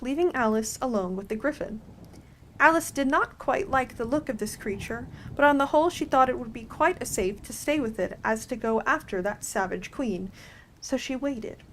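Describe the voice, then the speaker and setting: A woman reading a storybook aloud as soft ASMR storytelling, with gentle, chatty asides, on a close microphone. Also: fairly high pitch, slight background noise, poor audio. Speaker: ASMR reader.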